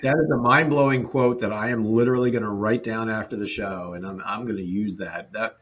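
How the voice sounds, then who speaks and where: A man's voice: on the low side, fairly even intonation, fairly quick, a bit bright. A man hosting a podcast, chatting with guests in an enthusiastic, jokey way. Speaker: podcast host. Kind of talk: casual interview chat.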